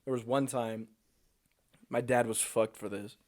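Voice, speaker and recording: A man's voice: mid-range voice, fairly even intonation, measured pace. A young man co-hosting a podcast, chatting loosely and joking, with plenty of swearing. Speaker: podcast co-host. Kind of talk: casual chat.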